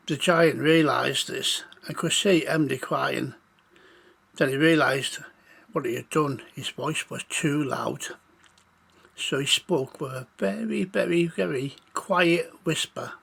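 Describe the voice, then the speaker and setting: Man, storyteller, slow, husky, gravelly, children's story. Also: fairly high pitch, fairly bright tone. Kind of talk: improvised children's story reading.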